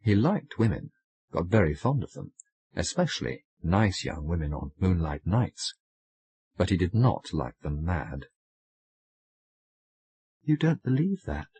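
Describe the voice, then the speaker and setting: A man narrating an audiobook story in a measured, wry storytelling manner. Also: sits low, expressive, darkish tone, slightly rough, no echo. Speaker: audiobook reader.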